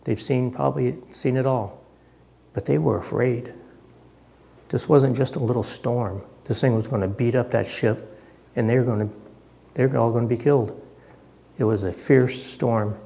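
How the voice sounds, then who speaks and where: A man's voice: medium pitch, creaky, dark tone. A man preaching a sermon, reading scripture aloud and talking conversationally, repeating phrases for emphasis.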